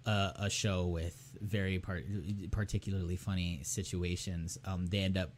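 A young man with a fairly low voice retells a TV episode in a loose, rambling way on a podcast. He slips into the characters' lines as he goes, and keeps his tone casual and conversational. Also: level tone, moderate pace, slight background noise. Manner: rambling storyteller who acts out characters' lines. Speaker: podcast co-host. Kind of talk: casual chat, recapping a TV episode.

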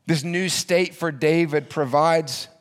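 Male pastor, earnest sermon delivery with emphatic repetition, slightly higher pitch. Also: fairly even intonation, slow pace, clean tone.

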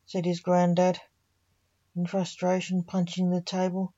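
A woman reading a story aloud in a slow, even storytelling manner. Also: lowish voice, lo-fi sound.

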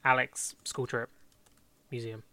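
A young man in casual chat, planning a script out loud, rambling and correcting himself as he goes. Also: medium pitch, little pitch movement, slow pace. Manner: rambling, self-correcting, laughs often. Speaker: fan script co-writer.

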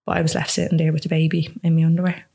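An Irish woman in her younger years, with a low, steady voice that barely rises or falls. She recounts a personal story to an interviewer frankly and earnestly, peppering her speech with "like". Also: racing, gravelly. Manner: earnest, frank, lots of "like" fillers. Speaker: guest.

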